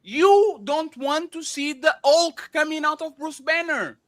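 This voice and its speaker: A man's voice: extremely high pitch, a little slow, hardly any pauses, fairly bright tone. A man hosting a panel show, arguing heatedly, repeating names and words and talking over others.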